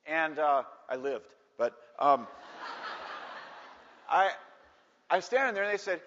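A man with a high, very lively voice tells a story from the pulpit and slips into the voices of the people in it. The sound is muffled and rings out in a long hall reverb, like a church. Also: slow, long pauses. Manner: animated, acts out voices in stories. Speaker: preacher. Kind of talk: storytelling sermon. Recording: dull echoey hall recording.

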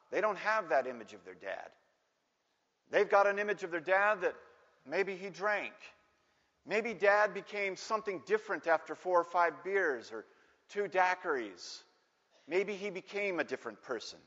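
A man with a high, very lively voice tells a story from the pulpit and slips into the voices of the people in it. The sound is muffled and rings out in a long hall reverb, like a church. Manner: animated, acts out voices in stories. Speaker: preacher. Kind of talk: storytelling sermon. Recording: dull echoey hall recording.

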